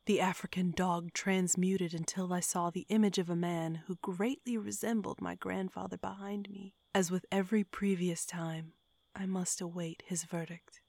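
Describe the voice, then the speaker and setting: A woman reads a horror story in a hushed, whispery way. Her voice sits fairly low, and the recording is close and dry. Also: fairly even intonation, moderate pace, vocal fry, no echo. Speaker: narrator.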